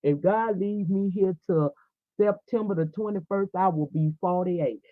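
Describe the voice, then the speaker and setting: A woman's voice: fairly low pitch, unhurried, no room sound. A woman in her forties hosting a livestream, preaching fervently and speaking straight to her viewers. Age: 40s. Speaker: livestream host. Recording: tinny phone-like audio, dry.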